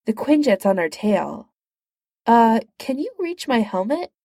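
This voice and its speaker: A woman reading the lines of a quick-witted, flirtatious male inventor flying a plane, in a wry, teasing way. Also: on the high side, sing-song, mellow, no echo, clean studio sound, voice pushed up, heavily acted. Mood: bantering.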